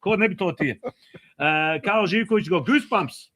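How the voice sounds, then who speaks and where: A man's voice: sits high, animated, a little fast, a bit bright. A man hosting a casual chat show, telling jokes and reading out viewer comments with a laugh. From Australia. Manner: jokey, laughs through his own stories. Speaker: show host.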